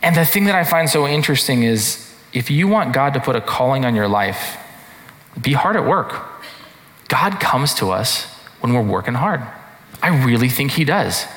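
A man's voice: medium pitch, fairly bright tone. A man preaching a sermon in a conversational way, often checking in with rhetorical questions. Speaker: pastor. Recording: echoey hall reverb.

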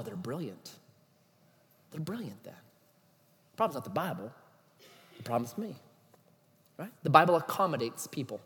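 A male preacher with a high, very lively voice that leaps up and down as he drives his points home. He talks emphatically and keeps throwing rhetorical questions at the room. A long reverb from a large hall trails behind every phrase. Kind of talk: sermon.

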